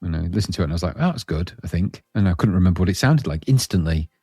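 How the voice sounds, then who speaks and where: A man's voice: deep voice, rapid-fire, breathy edge, no echo, studio quality. A man co-hosting a podcast, chatting casually and joking with his co-host. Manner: joking, playful, lively banter. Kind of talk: casual chat about retro games and music.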